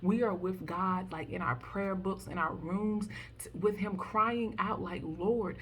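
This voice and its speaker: A woman's voice: medium pitch, unhurried, a little hiss or hum. A young woman, telling a personal faith story in a chatty way full of fillers, now and then rising into fervent pleading. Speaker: prophetic faith vlogger. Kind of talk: personal testimony and devotional talk.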